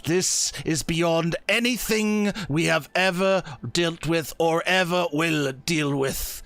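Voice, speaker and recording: A man voicing a bitter, desperate deafened prisoner who speaks slowly and gravely and breaks into furious shouting, in a tabletop game. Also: a little high, no room sound, voice pushed up. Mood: grim.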